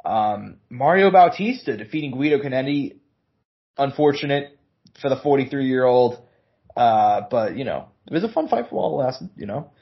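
A man's voice: mid-range voice, very animated, moderate pace, gravelly, muffled recording. A man co-hosting a casual sports podcast in a laid-back manner, swearing freely. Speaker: podcast co-host.

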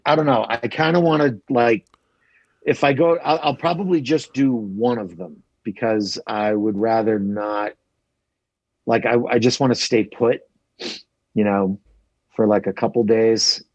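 Husky guy rambling and cussing about his trip, dry dull call audio. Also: mid-range voice, slow pace, pauses often, no room sound. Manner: rambling, profane, many restarts and fillers. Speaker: traveler recounting a trip. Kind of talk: casual chat.

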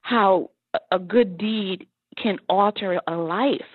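A woman guest telling her life story in an interview, earnest and animated, often laughing. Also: mid-range voice, slow, slightly rough, dry recording. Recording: tinny phone line.

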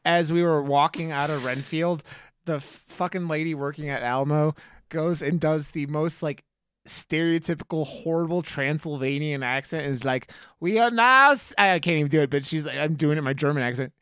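A man co-hosts a podcast and tells animated stories, laughing as he goes. His voice is smooth and a bit high. The close mic sounds dry. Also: fairly quick, dry recording. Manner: animated storyteller, laughs while talking. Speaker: podcast co-host. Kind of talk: casual chat.

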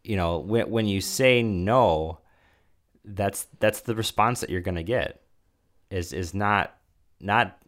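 A man co-hosting a faith-based conversation, speaking haltingly and repeating words as he thinks. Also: fairly low pitch.

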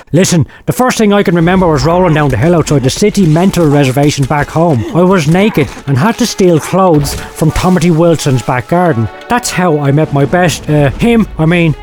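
Man as an erratic, swearing eccentric, high lively voice, faint music underneath; comic audio play. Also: moderate pace, hardly any pauses. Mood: agitated. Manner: agitated, swearing, rambling. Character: erratic, foul-mouthed man hearing voices.

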